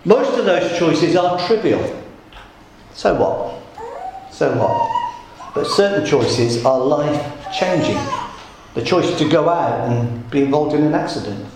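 A man preaching a sermon to a congregation, telling jokes and stories in a playful, lively way. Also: a little high, unhurried. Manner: jokey, lively storytelling. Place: church. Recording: echoey church room.

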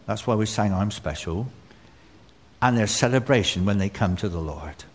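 A man preaching a sermon in an earnest way, often pausing with fillers and restarting phrases. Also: on the low side, lively intonation. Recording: long hall reverb.

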